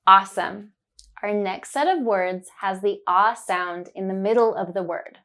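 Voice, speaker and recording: A woman teaching a pronunciation lesson, repeating words slowly and clearly and praising the listener with upbeat cheer. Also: medium pitch, fairly bright tone. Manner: drawn-out, deliberate word drills with upbeat praise.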